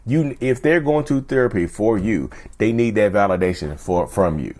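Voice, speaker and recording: A man hosting his channel, talking earnestly to camera in casual chat, often repeating himself and jumping up in pitch for emphasis. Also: lively intonation, normal speed, a little mellow. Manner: earnest, repetitive, keeps asking "you see what I'm saying"; jumps sharply up in pitch for emphasis. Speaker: YouTube channel host.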